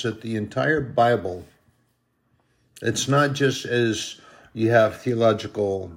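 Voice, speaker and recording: A man preaching a sermon, impassioned and emotional, swelling loud on scripture verses and then dropping to a soft, hushed tone. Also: lowish voice. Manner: emotional, moved while reading.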